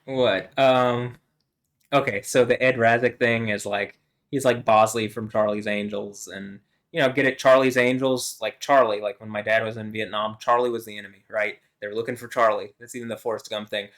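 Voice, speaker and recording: A man's voice: on the low side, steady tone, normal speed, a bit bright. A man talking by himself in a loose, rambling monologue. He swears freely and meanders between thoughts, with plenty of fillers and restarts. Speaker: vlogger.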